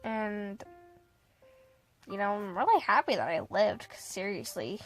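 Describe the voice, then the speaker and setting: A woman's voice: mid-range voice, very animated, a little slow, faint music behind. A young woman casually telling a personal story to the camera, laughing often and acting out what people said.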